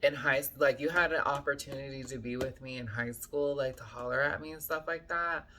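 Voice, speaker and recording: Woman, casual storytime vlog, chatty, lots of fillers, addresses viewers as y'all, bright tense voice. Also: extremely low pitch, a little fast, a little hiss or hum. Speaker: vlogger.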